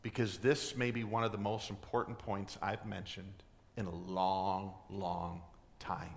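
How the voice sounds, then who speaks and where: Pastor, male, delivering an emphatic sermon in a church with rhetorical questions. Slow, deliberate delivery and a long-ringing hall. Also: low voice, level tone. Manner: clears throat often. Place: church sanctuary.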